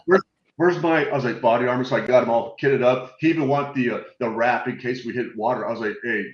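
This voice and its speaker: A man on a video call telling animated, swear-laced anecdotes in a casual chat, acting out the voices of the people in his stories. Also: medium pitch, quick pace, roomy sound, highs cut off. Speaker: guest telling war stories.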